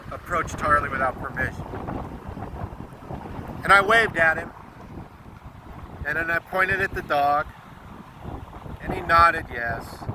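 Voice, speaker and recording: An American man with a somewhat high voice tells a heartfelt story outdoors, his voice close to breaking. He is earnest and blunt, and he swears now and then. Loud wind noise hits the microphone throughout. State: close to tears. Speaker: truck driver vlogger. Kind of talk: emotional storytelling vlog.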